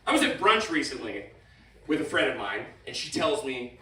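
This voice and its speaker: A young man doing a stand-up set, rambling and interrupting himself, swinging from mumbles to shouts. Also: fairly high pitch, very animated, moderate pace, reverberant, recorded from a distance, a little hiss or hum, low-quality recording. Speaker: stand-up comedian. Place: comedy venue with live audience.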